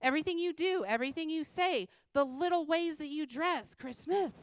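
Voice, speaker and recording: A woman giving an energetic motivational talk on a conference stage, speaking bluntly and casually, swearing freely and laughing often. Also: high-pitched, moderate pace, no echo. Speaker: conference speaker and sales coach. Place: conference stage before a live audience.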